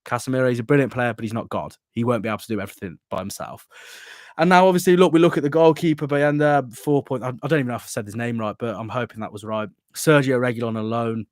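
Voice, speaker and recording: A fast-talking man hosts a football fan stream. He gives his opinions passionately, drifting into rambling asides. His voice is recorded dry and close, with no room sound. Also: medium pitch, no echo. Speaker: football show host.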